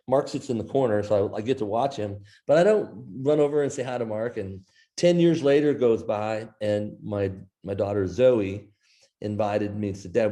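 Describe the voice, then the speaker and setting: A middle-aged man from Iowa, a guest author telling a long anecdote in an interview and quoting the people in it. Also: fairly low pitch. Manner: animated anecdote teller, quoting others in his own voice. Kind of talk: storytelling in an interview.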